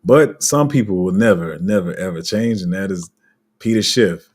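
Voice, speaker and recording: Low husky-voiced man rambling casually. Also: lively intonation, normal speed, darkish tone. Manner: rambling, with many fillers and restarts. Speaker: crypto channel host. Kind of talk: casual unscripted commentary to viewers.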